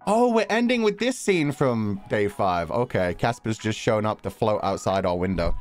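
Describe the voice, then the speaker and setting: A man's voice: lowish voice, expressive, a little mellow, soft background music. A young adult man streaming a game, chatting casually, joking around and laughing often. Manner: joking, rambling, quick to laugh.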